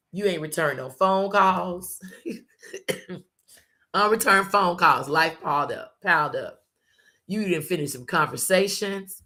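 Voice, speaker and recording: A woman host giving an informal motivational talk, repeating phrases and slowing down for emphasis. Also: fairly low pitch, pushed and bright. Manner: informal, uses y'all and ain't.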